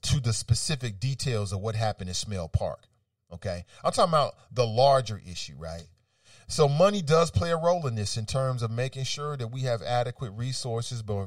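A man's voice: medium pitch, no echo, recorded from a distance. Guy ranting on talk radio, argues back at quotes he reads, dry sound, kinda off the mic. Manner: animated, argumentative, reads quotes then rebuts them. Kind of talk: opinionated talk radio commentary.

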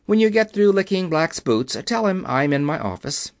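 A man reads a commanding chief engineer with a quiet, carrying authority. His pitch moves a lot as he lays down the law. The sound is dry and close. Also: sing-song, moderate pace, no echo.

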